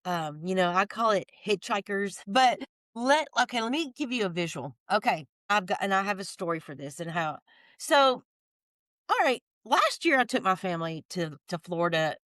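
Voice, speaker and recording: A woman guest in an interview, telling a story in a lively, folksy way, talking in bursts and restarting her sentences. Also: medium pitch, moderate pace, no room sound, clean studio sound. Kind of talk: animated storytelling chat.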